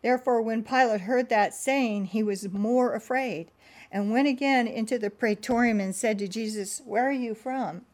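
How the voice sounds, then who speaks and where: A woman's voice: on the high side, normal speed. A woman preacher who prays with earnest, fervent repetition and then reads scripture aloud with dramatic emphasis. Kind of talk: prayerful sermon and scripture reading.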